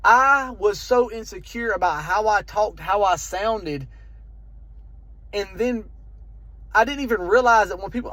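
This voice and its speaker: A young man with a Southern country accent and a slight lisp, giving a fast, emphatic motivational talk to camera. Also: sits high, sharp tone, no room sound. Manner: fast, emphatic, repetitive preaching rhythm. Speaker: vlogger.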